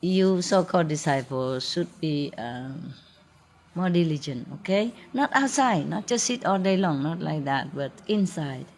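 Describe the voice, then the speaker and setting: Slow, playful woman teacher. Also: sits low, lively intonation, a little mellow. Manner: playful, teasing, laughs often. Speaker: spiritual teacher. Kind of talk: informal talk with an audience.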